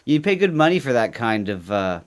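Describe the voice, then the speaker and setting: A man's voice: medium pitch, big pitch swings, a little fast. A man from Canada co-hosting a podcast, rambling and joking through casual commentary and laughing often. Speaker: podcast co-host.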